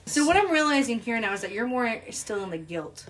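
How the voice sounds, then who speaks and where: A young woman co-hosting a podcast in casual chat, reassuring and gently teasing, laughing often. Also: fairly high pitch, big pitch swings, brisk, a little hiss or hum. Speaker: podcast co-host.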